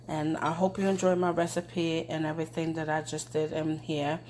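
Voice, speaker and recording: A woman's voice: deep voice, flat delivery, normal speed, a little mellow, slight background noise, rough recording. An older woman hosting a casual cooking show in her home kitchen, chatty and homey, sending blessings to her viewers.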